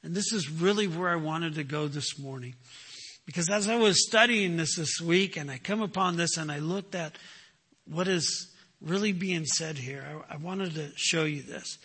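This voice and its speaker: A man's voice: a little high, moderate pace, bright, forceful tone, breathy edge, in a large hall. A man preaching a sermon, emphatic, asking rhetorical questions and answering them himself. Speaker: pastor.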